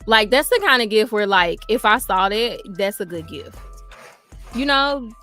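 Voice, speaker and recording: A woman co-hosting a casual chat show, animated and playfully teasing. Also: medium pitch, unhurried, faint music behind. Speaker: co-host.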